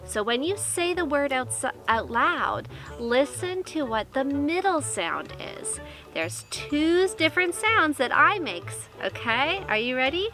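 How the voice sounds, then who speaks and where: A woman's voice: high-pitched, sing-song, takes it slowly, pushed and bright, soft background music. A woman teaching a kindergarten lesson, talking cheerfully and coaxingly straight to young children.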